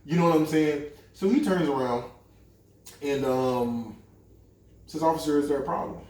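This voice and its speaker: Speaking at a normal speed in a somewhat high voice, this young podcast co-host spins a lengthy personal tale among friends, swearing freely. He brings it to life by voicing the people involved through lots of quoted dialogue, recorded from afar in a room with echo.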